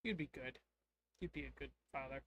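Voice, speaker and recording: A man's voice: mid-range voice, moderate pace, creaky, slight background noise, voice pushed down. A man voicing a somber, caring woman. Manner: soft, somber.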